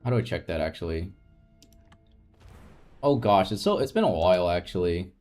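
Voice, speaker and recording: A man's voice: sits low, expressive, normal speed, darkish tone, faint music behind. A man streaming a game, chatting casually with viewers in a rambling, open and emotional way, often laughing and restarting his sentences. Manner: openly emotional, reassuring chat. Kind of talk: casual live-stream chat.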